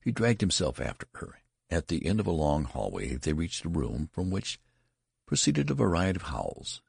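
Deep, gravelly male storyteller. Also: normal speed, no echo, clean studio sound. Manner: expressive, dramatic delivery. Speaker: narrator. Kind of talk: audiobook reading.

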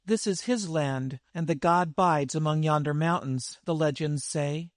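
A man's voice: a little high, measured pace, no room sound, clean studio sound, close to an everyday voice. A man reading the lines of an uneasy male warrior who mutters warnings.

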